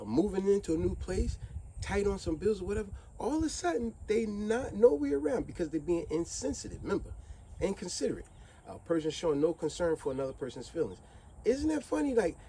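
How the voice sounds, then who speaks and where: A streetwise man speaks straight to camera in a preachy, animated monologue. His pitch swoops and climbs often. His voice is slightly high yet soft and mellow. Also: a little hiss or hum, low-quality recording. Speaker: vlogger. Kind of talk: motivational monologue with fable.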